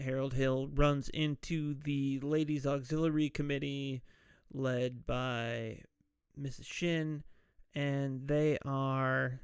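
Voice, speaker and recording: A man's voice: on the high side, vocal fry, smooth, no room sound. A man hosting a podcast, casually recapping a movie and acting out the characters' lines as he goes. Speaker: podcast host.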